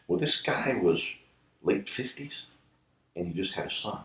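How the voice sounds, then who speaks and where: A man who works as a ventriloquist, telling a story in an interview in an animated way and laughing as he talks. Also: low voice, measured pace. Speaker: ventriloquist guest. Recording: roomy room, distant mic.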